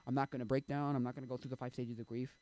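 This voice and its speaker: A man's voice: medium pitch, level tone, very fast, darkish tone, no room sound. A young man live streaming, rambling in casual chat with many restarts and trailing thoughts.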